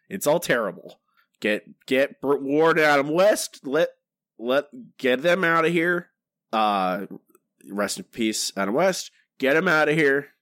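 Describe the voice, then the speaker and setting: On a podcast, a male co-host with a higher-pitched voice rambles in an animated, casual way, frequently starting over. The studio sound is clean, with no room sound at all.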